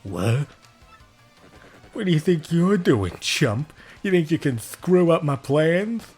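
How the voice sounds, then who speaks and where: A man acts out a pompous villain commander for a game playthrough, slow and deliberate in his bossing. His sneering threats swing widely up and down in pitch, savouring every insult. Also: expressive, a little mellow, breathy edge, faint music behind, exaggerated voice. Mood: indignant. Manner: bossy, sneering, drawn-out threats.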